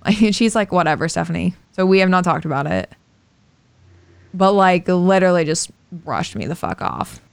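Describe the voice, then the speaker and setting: Young woman, podcast co-host, casual storytelling, very clear voice, dry sound. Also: on the low side, expressive, moderate pace, no echo. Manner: candid, swears freely, fillers like "like".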